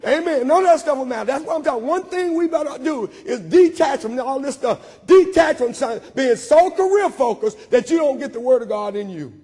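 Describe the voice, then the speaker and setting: High-pitched male pastor preaching, calls and answers his own questions, big echoey church. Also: lively intonation, normal speed, hardly any pauses, mellow. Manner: preaching with call-and-response repetition. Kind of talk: sermon. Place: church sanctuary. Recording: long church hall reverb.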